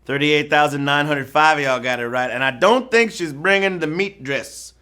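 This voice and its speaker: A man hosting a live trivia game show, goofy and teasing, squealing high and singing bits with faint music behind. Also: moderate pace, sharp tone. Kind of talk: live-streamed trivia hosting, playful banter. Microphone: phone.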